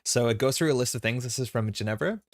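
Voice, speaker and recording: A man hosting a live stream, chatting casually and thinking aloud as he slowly tries out how words are pronounced. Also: medium pitch, no echo, clean studio sound. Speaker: stream host.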